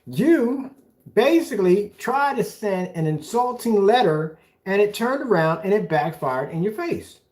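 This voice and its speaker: A taunting man delivers a callout rant. His pitch swings up and down as he mocks, and he throws the other person's phrases back with scornful sarcasm. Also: sing-song, a little slow, a little mellow. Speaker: video blogger. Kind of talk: ranting callout video.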